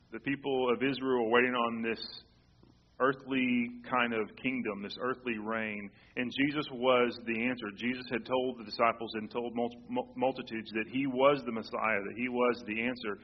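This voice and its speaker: Male pastor, conversational sermon, halting restarts, dull lo-fi church recording. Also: mid-range voice. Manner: conversational with frequent restarts and repeated words. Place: church sanctuary.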